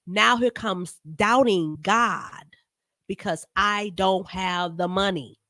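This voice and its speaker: A woman's voice: mid-range voice, slow, bright, forceful tone, dry recording, clean studio sound. A woman hosting a live-stream talk show, giving casual, earnest commentary and talking to her viewers by name, sometimes emotional.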